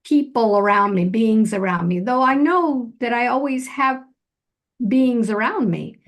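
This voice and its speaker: A woman's voice: fairly high pitch, lively intonation, a little slow. A middle-aged woman hosting a casual chat, speaking earnestly and reflectively, often restarting her sentences. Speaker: host. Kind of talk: casual conversation.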